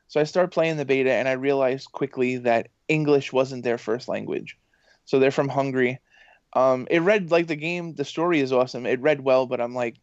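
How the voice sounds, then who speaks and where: A man talking as a podcast guest in a casual, excitable, rambling way, full of fillers. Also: mid-range voice, a little fast, dry recording. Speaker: podcast guest, professor and voice actor. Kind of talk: casual interview chat. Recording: dull lo-fi dry sound.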